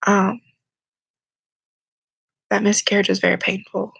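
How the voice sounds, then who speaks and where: A young woman telling a personal story to camera, speaking quietly and haltingly, close to tears. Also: mid-range voice, flat delivery, gravelly, husky, no room sound, dull audio. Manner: quiet, halting, emotional, holding back tears. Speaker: vlogger.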